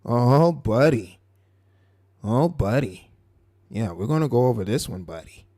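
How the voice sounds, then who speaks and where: A man hosting a live stream, commenting on a clip in a mocking, animated way. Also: on the low side, no echo, studio quality. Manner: mocking, animated, drawn-out asides. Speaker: live show host.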